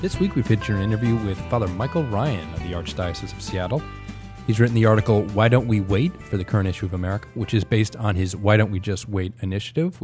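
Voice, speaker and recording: A man hosting a podcast, reading a brisk scripted introduction. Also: lowish voice, darkish tone. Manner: brisk read-aloud delivery. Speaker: podcast host. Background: faint music.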